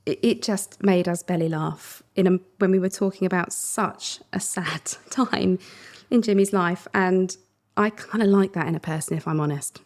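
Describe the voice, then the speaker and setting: A middle-aged woman co-hosting a podcast, talking in an earnest, conversational way and laughing softly between thoughts. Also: on the low side, normal speed. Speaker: podcast co-host. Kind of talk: reflective podcast chat.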